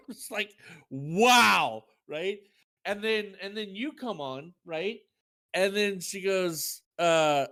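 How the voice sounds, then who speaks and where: A man chatting on a gaming podcast, his voice a touch high and swinging widely in pitch. He tells stories with big animated energy and laughs often. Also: measured pace. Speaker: podcast co-host. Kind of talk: casual chat.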